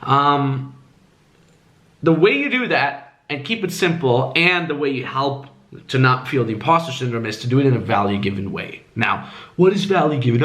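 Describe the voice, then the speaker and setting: A man coaching in casual talk, animated, swearing freely and acting out different tones with high squeaky swoops. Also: normal speed. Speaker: dating coach.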